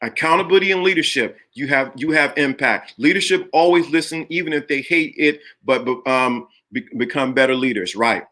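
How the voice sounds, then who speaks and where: A man's voice: mid-range voice, fairly quick, few pauses, bright, forceful tone. A middle-aged man hosting a live motivational talk to viewers, preachy and emphatic, and he repeats lines to drive his point home. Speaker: live stream host.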